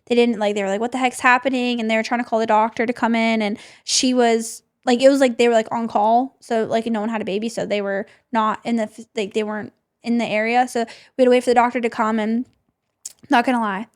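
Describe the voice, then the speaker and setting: A woman's voice: little pitch movement, quick pace. A young woman hosting a podcast, telling a personal story in a chatty way, with "like" in nearly every sentence. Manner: chatty, says "like" constantly, drops to a soft low voice for tense parts. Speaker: podcast host. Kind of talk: personal storytelling, casual chat.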